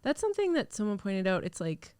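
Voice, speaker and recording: A woman's voice: medium pitch, big pitch swings, a little fast, darkish tone, clean tone, no echo. A young woman hosting a podcast, chatting casually and rambling with lots of fillers, recorded in a studio. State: recovering from illness. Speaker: podcast host. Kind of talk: casual solo podcast chat.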